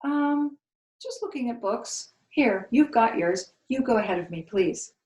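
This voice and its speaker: A woman's voice: mid-range voice, normal speed, echoey room, voice pushed up, natural voice. A woman reading aloud and voicing a spirited eleven-year-old girl, earnest and a little flustered.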